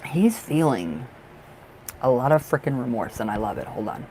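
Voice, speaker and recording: A man's voice: medium pitch, very animated, normal speed, darkish tone, a little hiss or hum, rough recording. A man hosting a casual live-stream tarot reading, chatty and affectionate, laughing often.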